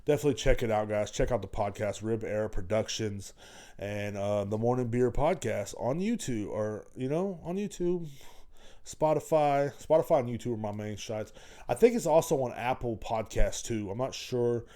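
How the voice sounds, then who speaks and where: A man's voice: mid-range voice, lively intonation, normal speed, mellow. A man hosting a podcast in a rambling, profane, crudely joking solo monologue. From Texas. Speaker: podcast host. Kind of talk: casual comedic podcast monologue.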